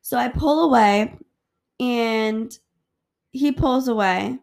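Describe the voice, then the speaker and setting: A woman tells a story on her podcast with a slightly high, gravelly voice. She speaks in a loose, rambling way and swears freely. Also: slow, darkish tone. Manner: candid, profane, rambling. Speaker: podcast host. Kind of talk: casual storytelling.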